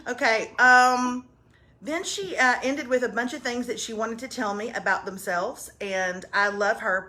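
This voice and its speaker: A woman, co-hosting a live morning show in loud, playful, teasing casual chat. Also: medium pitch. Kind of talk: casual live chat, reading a viewer's message.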